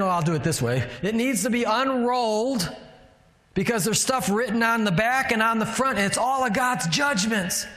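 A man's voice: high voice, moderate pace, fairly bright tone. A man preaching a sermon, teaching in a conversational way and putting rhetorical questions to the room. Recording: echoey hall with long reverb.

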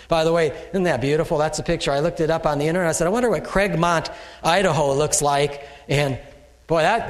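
Male pastor, high voice, chatty animated sermon, long hall reverb. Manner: conversational, animated, with frequent "okay" and "all right" check-ins.

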